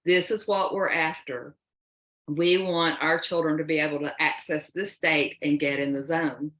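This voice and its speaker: A woman's voice: deep voice, steady tone, unhurried, a bit bright. Woman presenting in an echoey room. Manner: folksy, conversational, emphatic. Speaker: parenting workshop presenter. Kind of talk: live workshop talk. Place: workshop room.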